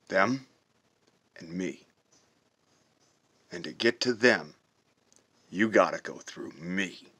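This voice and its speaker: Very deep, husky, forceful ranting man. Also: lively intonation. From United States. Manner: profane, confrontational, emphatic, with slow drawn-out stresses. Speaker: reaction video host. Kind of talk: heated patriotic rant to camera.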